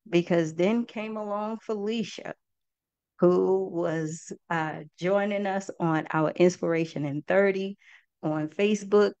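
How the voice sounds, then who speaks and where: Slow, low-voiced woman host saying "y'all". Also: dry recording, highs cut off. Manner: warm, folksy, often calls the listeners "y'all". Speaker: host and project founder. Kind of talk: heartfelt talk to an online audience.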